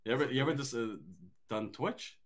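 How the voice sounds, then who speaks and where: A man's voice: medium pitch, fairly quick. A man as a podcast guest in casual chat, laid-back, trailing off and restarting his sentences.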